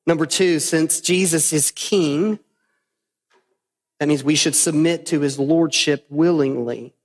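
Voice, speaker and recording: Male pastor, emphatic sermon delivery, somewhat high voice, reverberant sanctuary. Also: takes it slowly. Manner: emphatic, repeats phrases for stress.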